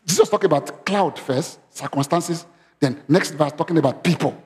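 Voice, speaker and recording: Here a man's voice sits on the high side at a moderate pace as he preaches in a church hall. He engages the congregation with frequent questions and gets animated, louder, when quoting. There's a long hall reverb throughout.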